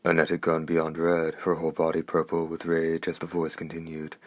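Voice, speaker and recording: A man reading a novel aloud as narrator in a measured, steady way. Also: a bass voice, dry recording. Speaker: audiobook narrator.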